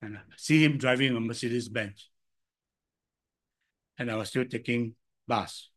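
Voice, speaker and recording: A man's voice: mid-range voice, a little slow, pauses often. An older man from Singapore with a Singaporean English accent, preaching a sermon and telling stories from his own life with rhetorical questions to the listeners. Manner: animated storytelling with rhetorical questions to the audience.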